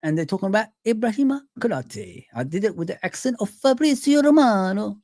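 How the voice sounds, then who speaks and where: Gravelly-voiced man hosting a live chat. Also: high voice, fairly quick, no echo, clean studio sound. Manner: lively, chatty, reads out and greets chat. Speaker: livestream host.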